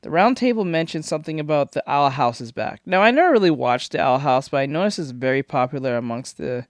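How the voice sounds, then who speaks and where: A man hosting a reaction video, shouting and swearing at scary moments and mumbling his asides between them. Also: a little high, expressive, quick pace, no echo, clean studio sound. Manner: loud swearing outbursts and screams, then mumbling asides. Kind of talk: casual reaction commentary. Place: home recording room with foam treatment. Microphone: desk microphone.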